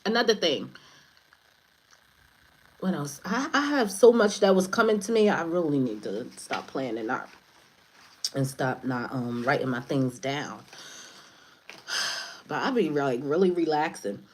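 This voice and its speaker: Low-voiced, loose-talking woman tarot reader. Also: lively intonation, unhurried, long pauses, low-quality recording. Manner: loose, rambling, swears casually, laughs at own jokes. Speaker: spiritual advisor, tarot reader. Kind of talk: casual spiritual reading to viewers.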